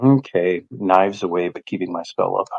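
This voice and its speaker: A man playing a tabletop game, describing his actions in a measured way. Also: sits low, gravelly, darkish tone, slightly rough, dry recording, low-quality recording. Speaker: player.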